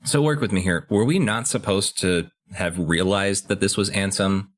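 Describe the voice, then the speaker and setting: A man co-hosting a podcast, chatting casually about a video game and getting excited about key story moments. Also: normal speed. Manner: excitable, pitch jumps high when enthused. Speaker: podcast co-host.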